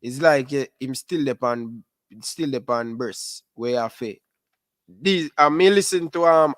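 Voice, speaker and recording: A man's voice: medium pitch, no echo. A man with a Jamaican accent chatting about a football match in laid-back patois. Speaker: football fan pundit. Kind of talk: post-match reaction chat.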